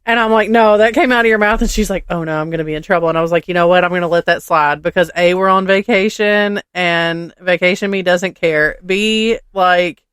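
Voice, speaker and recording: Family stories with acted-out dialogue come from a woman co-hosting a laid-back podcast chat, an animated storyteller who swears casually. She speaks at a normal pace with few pauses in a smooth, fairly low voice, captured in a dry, clean studio recording.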